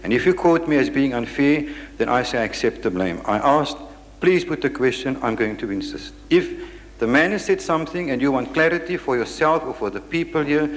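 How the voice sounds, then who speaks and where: A man chairing a question session, firm and insistent, cutting speakers off. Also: a little high. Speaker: lecture chairman. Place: lecture hall. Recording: echoey hall.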